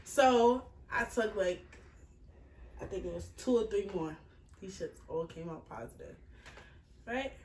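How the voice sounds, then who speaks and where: A woman's voice: mid-range voice, measured pace, long pauses. A woman in her twenties telling a personal story casually, blunt and full of swearing. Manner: blunt, profane, animated retelling. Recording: echoey room, mic far off, faint hiss.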